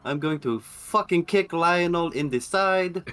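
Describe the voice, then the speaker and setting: A man's voice: a little high, a little slow, a bit bright, clear, resonant tone. A man playing a tabletop role-playing game, speaking in character with a menacing, hot-tempered, swearing manner. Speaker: player.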